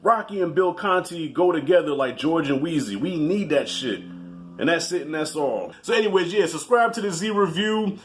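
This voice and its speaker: A man's voice: on the high side, expressive, normal speed, faint music behind. A man hosting a casual movie review video, talking in a loose, profane, chatty way. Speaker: movie reviewer, channel host.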